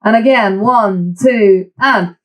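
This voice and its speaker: Encouraging flute teacher. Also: female voice, medium pitch, slow, soft background music, rough recording. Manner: encouraging, counts in the student. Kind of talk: online music lesson.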